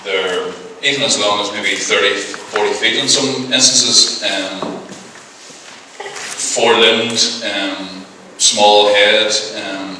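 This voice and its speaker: A man answering questions at a convention talk, hesitant and full of pauses. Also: lowish voice, steady tone, noisy background. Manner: hesitant, many ums. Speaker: guest researcher. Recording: echoey hall from far off.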